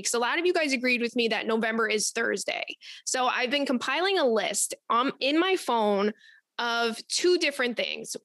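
A woman's voice: fairly high pitch, fairly bright tone, no room sound, studio quality. A woman hosting a podcast, chatting casually and animatedly, laughing often. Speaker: podcast host. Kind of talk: casual chat.

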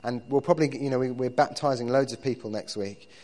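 A man preaching to his church in a relaxed, conversational way, often repeating words as he builds his points. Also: medium pitch, quick pace. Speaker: pastor. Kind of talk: sermon.

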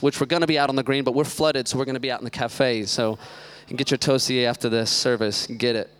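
A man in his thirties preaching a relaxed sermon, full of quips and side jokes. His voice is smooth and clear, at a middle pitch for a man. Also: fast. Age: 30s. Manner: joking, chatty asides. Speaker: youth pastor. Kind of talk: casual sermon.

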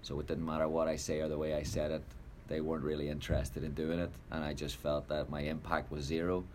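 A man hosting a coaching podcast, speaking in a measured, reflective way as he tells stories. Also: rumbling low, level tone, a little mellow, slight background noise. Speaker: podcast host, soccer coach. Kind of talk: podcast chat and storytelling.

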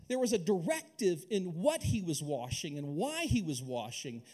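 A middle-aged male pastor from Alaska preaching a sermon, telling a personal story in an animated, conversational way with many restarts. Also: high-pitched, normal speed, husky.

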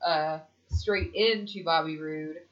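A woman co-hosting a casual wrestling recap, animated and swearing freely, acting out the wrestlers' lines. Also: low voice, slow pace. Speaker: podcast co-host. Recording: dull lo-fi recording.

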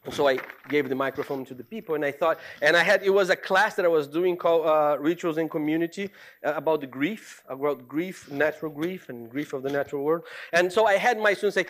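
A middle-aged man, a theology professor, giving a reflective lecture with personal stories, in an earnest, halting way full of restarts. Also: a little high, a bit bright.

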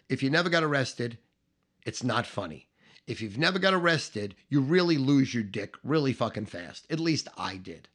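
A middle-aged man telling a profane comic story, animated and swearing, acting out the shouting voices in it. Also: mid-range voice. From Staten Island, New York.

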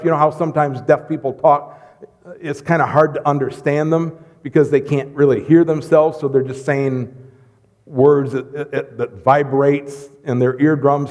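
A middle-aged man preaching a lively, joking sermon in church, swinging between loud bursts and hushed asides. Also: medium pitch. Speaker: pastor. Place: church sanctuary. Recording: long hall reverb.

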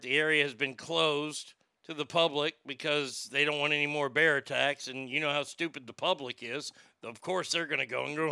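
A man hosting a live show, riffing on the news in a loud, profane, mocking rant full of stammers and jokes. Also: on the high side, steady tone, normal speed, creaky, hardly any pauses, clean tone, no room sound, clean studio sound. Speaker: live show host reading chat.

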